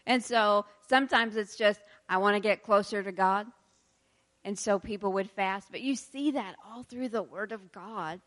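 Woman in her thirties, pastor's wife, casual chatty preaching, quick laughs. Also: medium pitch. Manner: chatty, laughs often, leads prayer. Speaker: pastor's wife leading a church service. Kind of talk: casual sermon.

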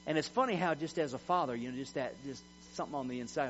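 A man's voice: medium pitch, very fast, hardly any pauses, fairly bright tone, soft background music. A middle-aged man preaching a sermon in an emphatic, folksy way, repeating words as he tells personal stories. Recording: dull lo-fi recording with mains hum.

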